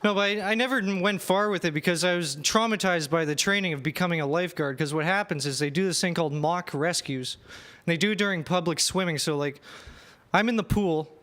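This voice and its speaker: A young man performs stand-up on a small club stage, his voice notably high and light. He pokes fun at himself and keeps chuckling through his own lines, speaking into a handheld mic. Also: fairly quick, fairly bright tone. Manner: self-deprecating, laughing through his lines. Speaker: stand-up comedian and emcee. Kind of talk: stand-up comedy set.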